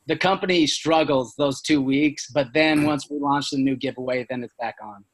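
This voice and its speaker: A man talking as a business-owner guest in a casual podcast chat, rambling through stories with plenty of fillers and tag questions. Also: mid-range voice. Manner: rambling, fast, full of fillers and "right?".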